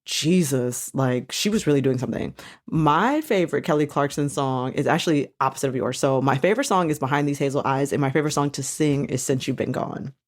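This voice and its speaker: A woman hosting a podcast in casual chat, animated, swearing now and then and breaking into bits of songs. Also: extremely low pitch, brisk. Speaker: podcast host.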